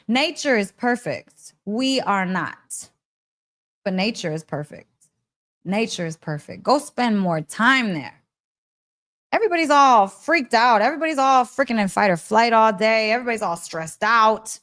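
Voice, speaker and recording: A woman hosting a podcast, telling a story in an excitable, emphatic way, repeating phrases and laughing often. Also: a little high, unhurried. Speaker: podcast host. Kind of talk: animated storytelling monologue.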